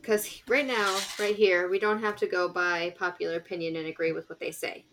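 A woman's voice: on the low side, fairly even intonation, brisk, a bit bright. A woman co-hosting a podcast in loose, casual chat, wandering through her sentences and fixing them mid-way. A faint hiss and occasional clicks sit under her voice. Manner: rambling, self-correcting, laughs easily. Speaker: podcast co-host.

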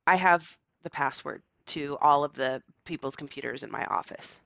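A woman co-hosting a casual discussion over a call, reflective and slow in her phrasing, laughing often. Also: low-pitched, creaky, bright, forceful tone, no room sound, lo-fi sound. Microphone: remote call.

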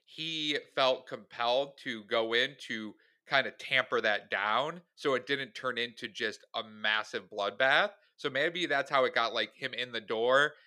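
Man with a bright mid-pitched voice. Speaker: podcast co-host. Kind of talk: casual movie review chat.

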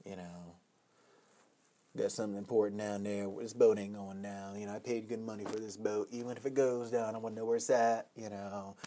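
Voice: mid-range voice, fairly even intonation, a little fast, warm tone, a little hiss or hum, voice pushed down, lightly acted. A storyteller voicing a stubborn man on a sinking boat, turning down help in a dismissive way.

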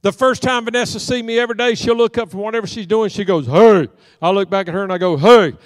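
A middle-aged man preaching in a church sanctuary. His voice sits high, and he tells homey stories while slipping into the voices of the people in them. The mic is close and dry, but a long reverb from the hall trails after his words. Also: steady tone, rapid-fire, smooth. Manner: folksy storyteller acting out dialogue. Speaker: pastor. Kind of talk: storytelling sermon.

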